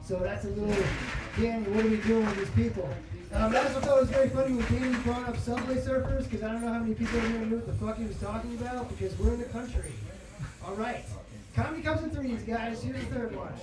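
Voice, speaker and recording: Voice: medium pitch, fairly even intonation, quick pace, a crowd in the background. A host of a comedy night bantering loosely and introducing the next act, heard from a distance in a noisy, echoing club. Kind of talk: introducing acts between sets.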